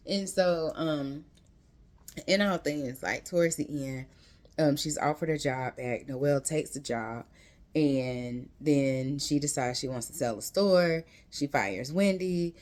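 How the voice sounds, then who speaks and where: A woman's voice: sits low, unhurried, a little mellow. A woman retelling a novel's plot in a casual book review, rambling with many "um"s and "like"s. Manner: rambling, chatty, heavy use of "um" and "like"; retells the story with quoted lines.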